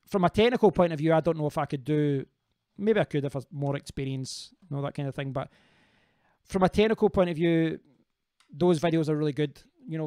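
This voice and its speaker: A man's voice: fairly high pitch, darkish tone, no echo, studio quality. A man hosting a casual live stream, rambling as he answers viewers' comments and often restarting his sentences.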